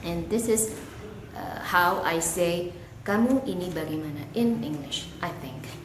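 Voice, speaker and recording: A woman whose first language is Indonesian, teaching an English lesson in a slow, deliberate way with emphatic questions. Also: lowish voice, lively intonation. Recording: echoey room with background noise.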